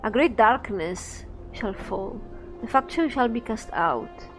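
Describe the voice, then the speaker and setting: A woman's voice: fairly high pitch, animated, takes it slowly, over music. A woman voicing a grim woman prophet who proclaims doom in an ominous, declaiming way.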